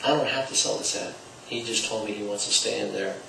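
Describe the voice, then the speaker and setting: A man's voice: fairly low pitch, fairly even intonation, fast, vocal fry, noisy background. Man lecturing salespeople in a roomy space. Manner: acts out dialogue with shifting volume. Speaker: sales trainer. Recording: roomy, distant mic, faint ambience.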